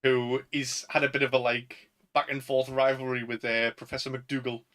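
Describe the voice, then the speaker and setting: A man's voice: mid-range voice, little pitch movement, normal speed, fairly bright tone. A man with a Northern English accent co-hosting a casual chat, laughing often and acting out film quotes. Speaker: podcast co-host.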